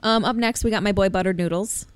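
A woman's voice: mid-range voice, fast, smooth, no echo. A woman co-hosting a podcast in casual chat, blunt and profane, laughing often. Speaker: podcast co-host.

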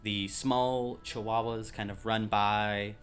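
A low-pitched man narrates a tabletop adventure as game master and pauses often with ums. Soft music plays faintly behind him. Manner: relaxed, many ums while describing.

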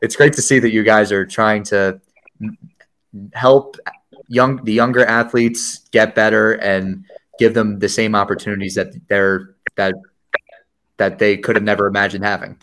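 A man's voice: fairly low pitch, little pitch movement, normal speed, fairly bright tone. A man hosting a sports podcast with a New York accent, chatting casually and laughing often, with many "like" fillers. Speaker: podcast host. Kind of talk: casual chat.

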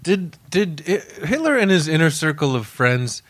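A man co-hosts a comedy podcast, throwing in quick jokes and asides. His voice runs somewhat high with wide swings, and it sounds close and dry. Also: big pitch swings, fairly bright tone, no room sound. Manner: joking, quick quips. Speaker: podcast co-host. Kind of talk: casual comedic podcast chat.

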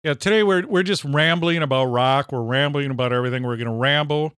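A man from Minnesota with a Minnesotan accent, co-hosting a podcast in casual banter, full of deadpan jokes. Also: medium pitch, quick pace, smooth, no echo, clean studio sound. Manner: jokey, deadpan asides. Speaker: podcast co-host.

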